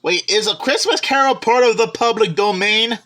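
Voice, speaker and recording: A man's voice: sits high, normal speed, sharp tone. A man casually showing off his home media collection, listing titles one by one with chatty asides and self-corrections. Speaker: collector vlogger. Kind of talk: casual show-and-tell of a collection.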